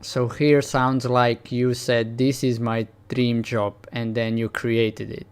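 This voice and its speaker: A man's voice: mid-range voice, level tone, slow, smooth. A man hosting a talk show, conversationally summing up what his guest said. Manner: conversational, summarizing back to guest. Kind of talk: interview questions.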